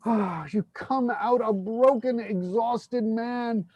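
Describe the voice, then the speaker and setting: A man's voice: extremely high pitch, slow pace, a little mellow, dry recording, heavily acted, low-quality recording. A man voicing a desperate, overworked male clerk in a play reading, ranting breathlessly about his burdens. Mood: complaining. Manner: exasperated ranting, breathless complaints.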